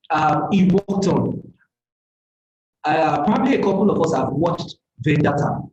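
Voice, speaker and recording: A speaker delivers an earnest, motivational career seminar with a mellow, soft-edged tone. The talk halts now and then on fillers and restarts. The voice sits in a roomy, echoey space. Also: medium pitch.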